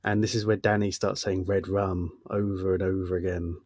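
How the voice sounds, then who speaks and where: Male co-host, low voice, easygoing film recap, dry. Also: moderate pace, no echo. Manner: relaxed, recaps plot with soft laughs. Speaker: podcast co-host. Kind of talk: casual film discussion.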